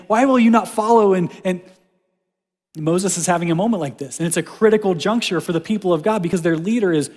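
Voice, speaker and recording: A man delivers a casual, conversational sermon, his voice sitting a little high for a man. He shifts between animated, rising lines and hushed, gentle ones. His voice rings out in a hall with a long reverb. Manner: conversational, animated, drops to soft quiet lines for God's words. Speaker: pastor.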